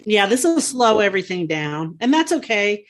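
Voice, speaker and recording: A woman's voice: medium pitch, big pitch swings, moderate pace. A woman co-hosting a podcast in casual chat, talkative and rambling, with frequent laughs and fillers. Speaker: podcast co-host.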